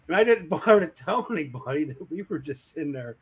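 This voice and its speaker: A man telling a crude work story in casual chat, acting out the shouting of his coworkers. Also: fairly high pitch, brisk, hardly any pauses, husky. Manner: animated, acts out shouting coworkers.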